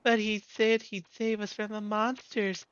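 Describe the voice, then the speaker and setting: A man's voice: high-pitched, level tone, a little slow, fairly bright tone, smooth, no room sound, pitched above the performer's own voice. A man voicing a naive young girl who earnestly defends her hero. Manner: pleading, earnest. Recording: muffled with faint game music.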